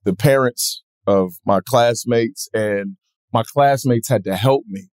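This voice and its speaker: A man's voice: mid-range voice, slow pace, smooth, dry recording. Guy comedian in an interview, story after story, puts on voices, dry close sound. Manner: animated, acts out voices in his stories. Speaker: comedian guest.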